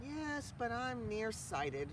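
A storyteller voicing a calm, kindly female spider who speaks slowly and gently. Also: medium pitch, distant mic, background noise, voice pushed up.

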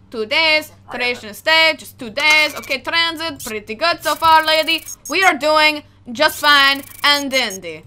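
A woman's voice: high-pitched, normal speed, few pauses, sharp tone, slight background noise. A young woman giving chatty, joking let's play commentary while she plays, talking to the characters on screen. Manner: chatty, jokey, talks to game characters. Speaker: gaming YouTuber.

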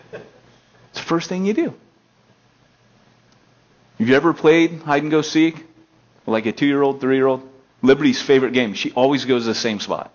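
A male pastor preaching a conversational sermon, moving between emphatic raised passages and low, quiet stretches. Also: muffled recording. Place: elementary school meeting hall.

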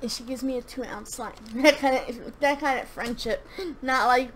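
A woman's voice: on the high side, fairly even intonation, normal speed, slight background noise. A young woman chatting casually through a product review, rambling and gushing, with frequent restarts and fillers. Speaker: slime reviewer and shop owner.

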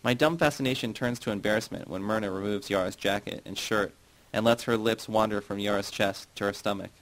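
A man reading a novel aloud in a measured, plain audiobook narration. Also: on the low side, steady tone, a bit bright, poor audio. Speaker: audiobook reader.

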